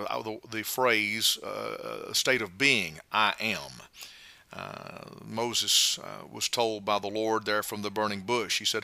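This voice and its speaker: A male pastor giving a short devotional sermon, slow and emphatic, with frequent "uh" fillers. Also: lowish voice, bright, forceful tone, dry recording.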